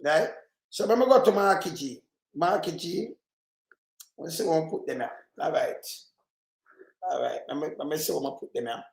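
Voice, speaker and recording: A man's voice: a little high, expressive, moderate pace, creaky, pauses often, echoey room. A man with a Jamaican accent hosting a live stream, ranting and cursing as he comments on clips. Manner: profane, ranting, shouts often. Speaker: livestream host.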